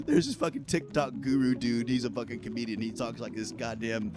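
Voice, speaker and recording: A man's voice: medium pitch, fairly quick. Profane, heated man ranting over music. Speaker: news commentator. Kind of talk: ranting casual commentary.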